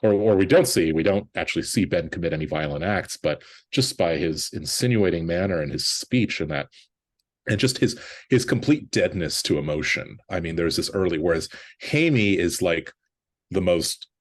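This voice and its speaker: Low-voiced man dissecting a film. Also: normal speed. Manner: thoughtful, many restarts, quotes characters in a lighter voice. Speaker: guest film critic. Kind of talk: conversational film analysis.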